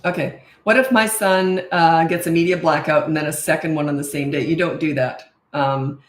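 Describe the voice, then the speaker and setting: A middle-aged woman coaching parents in a casual Q&A, blunt and matter-of-fact, now and then acting out short quotes in a higher voice. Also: fairly even intonation, moderate pace. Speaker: parenting coach answering viewer questions. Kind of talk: casual live Q&A. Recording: roomy echo.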